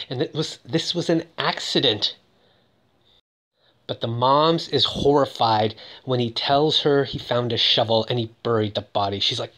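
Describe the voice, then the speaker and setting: A man's voice: medium pitch, measured pace, a bit bright. A man giving a casual, joking commentary on a film, with lots of "ooh" asides. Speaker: movie recap host.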